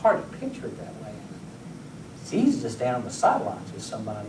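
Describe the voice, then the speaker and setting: A man's voice: medium pitch, quick pace, noisy background. A pastor preaching a sermon, telling stories animatedly and talking straight to his congregation. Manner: animated storyteller who acts out scenes, addresses the congregation directly. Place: church sanctuary. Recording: echoey church room, voice from a distance.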